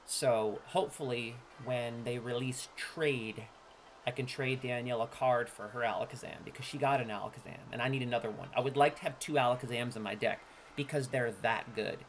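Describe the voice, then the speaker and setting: Opening card packs on stream, a thirty-something man talks fairly quickly with mostly even intonation. He alternates between loud, bragging trash-talk and quiet, laid-back comments, with slight background noise.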